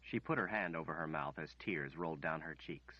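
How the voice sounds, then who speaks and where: A man narrating an audiobook in a measured, steady storytelling manner. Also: very deep voice, no echo. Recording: dry, slightly muffled recording.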